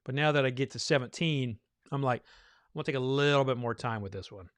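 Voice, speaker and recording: A man who reviews bourbon is hosting a blind tasting, chatting casually and a little fast in a loose, rambling way, thinking aloud with lots of fillers. He sounds slightly winded from all the talking. His smooth, clear voice sits at a middling pitch, recorded dry and close with no room echo.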